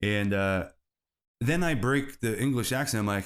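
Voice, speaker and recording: A man's voice: lowish voice, moderate pace. A man hosting a solo comedy podcast, rambling from bit to bit and laughing at his own jokes. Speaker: podcast host.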